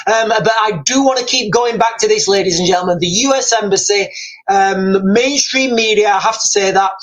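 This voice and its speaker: A man's voice: high voice, normal speed, fairly bright tone, rough recording. Rambling man hosting a live news stream. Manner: rambling, repeats himself, speculates aloud; reads viewer comments and headlines aloud.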